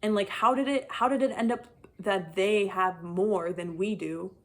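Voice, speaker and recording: A young adult woman giving a casual chapter-by-chapter book review, talking in an animated, frustrated rant full of "like". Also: medium pitch, normal speed, a little hiss or hum. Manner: animated, frustrated ranting, heavy use of "like". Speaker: book vlogger.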